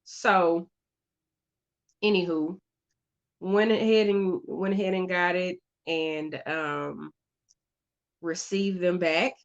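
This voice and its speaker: A woman hosts her own show and tells a story in a relaxed, chatty way. She speaks slowly in a lowish voice, stopping to restart and fill gaps. The recording sounds a bit dull and lo-fi. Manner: chatty, halting, many fillers and restarts. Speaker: podcast host. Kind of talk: casual storytelling chat.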